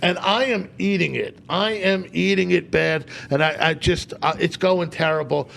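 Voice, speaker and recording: High-voiced comedian telling stories. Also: male voice, moderate pace, gravelly, slight background noise. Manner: animated, acts out quotes in a raised voice. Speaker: comedian guest. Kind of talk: casual podcast storytelling.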